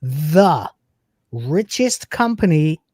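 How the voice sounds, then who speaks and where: A man's voice: a little high, sing-song, very slow, a little mellow, slightly rough, dry recording. Profane joking male host, dry mic. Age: 40s. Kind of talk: casual livestream chat.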